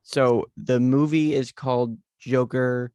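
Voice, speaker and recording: A man's voice: mid-range voice, fairly even intonation, slow pace, warm tone, clear, resonant tone, no room sound. A young American man hosting a podcast in a playful, teasing chat. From United States. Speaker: podcast host. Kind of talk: casual chat.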